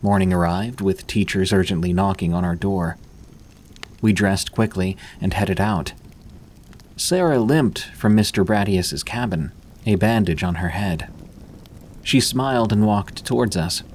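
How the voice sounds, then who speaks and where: Man, low voice, scripted horror narration, measured, faint background noise. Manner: measured, even storytelling.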